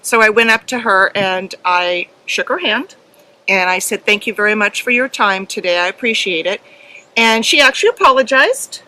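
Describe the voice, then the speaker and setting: A middle-aged woman co-hosting a casual podcast, telling a story earnestly and emotionally, with halting ums. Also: medium pitch, lively intonation, pushed and bright, low-quality recording. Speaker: podcast co-host and herding judge.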